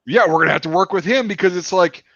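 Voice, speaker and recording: A man's voice: sits high, fast talker, fairly bright tone, no room sound, dull audio. A man talking casually about his film production, rambling with many fillers and restarts. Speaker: filmmaker discussing his production. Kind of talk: casual podcast chat.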